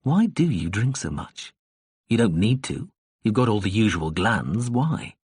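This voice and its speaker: A man voicing a polite, earnest young male game player who asks things slowly and carefully. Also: lowish voice, sing-song, darkish tone, husky, no echo, clean studio sound, exaggerated voice.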